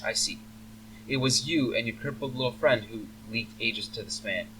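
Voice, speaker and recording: A man voicing a cold, aristocratic elf father who speaks in a formal, measured, icy way. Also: mid-range voice, noisy background, lightly acted. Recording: faint humming, slightly distant mic.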